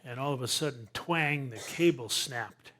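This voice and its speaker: An older man, a naturalist speaker, telling a humorous story to a live audience with lively sound effects and self-deprecating asides. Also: mid-range voice, moderate pace.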